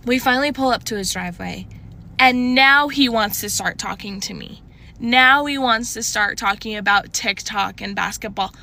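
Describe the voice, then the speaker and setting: A woman in her twenties telling a casual storytime, chatty and animated, full of likes and restarts. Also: normal speed, creaky. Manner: animated, shifting pitch often.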